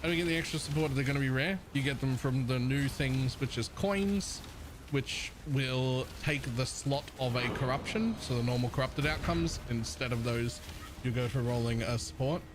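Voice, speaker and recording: A man's voice: mid-range voice, moderate pace. Guy w half-aussie accent rambling on stream, laughs a ton, swears, bit of hiss. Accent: partly Australian. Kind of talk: casual live-stream chat.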